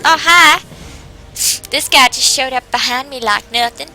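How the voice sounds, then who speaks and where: A woman's voice: sits high, a little slow, long pauses, sharp tone, soft background music, rough recording. A woman casually playing a video game, reading the quest text aloud and chatting with asides. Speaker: game streamer.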